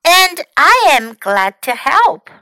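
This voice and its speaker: A woman voicing a cheerful, kind female duck in a children's story, speaking slowly and sweetly. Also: high-pitched, big pitch swings, dry recording, pitched above the performer's own voice, exaggerated voice. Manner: slow, bright, soothing storybook voice.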